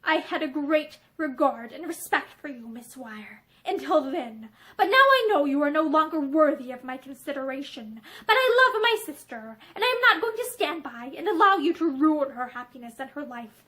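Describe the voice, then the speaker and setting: A woman's voice: sits high, animated, normal speed, hardly any pauses, fairly bright tone. A woman reading aloud and voicing a stern, hard man who speaks in a level, clipped way. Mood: grim. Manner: level, clipped, coldly earnest.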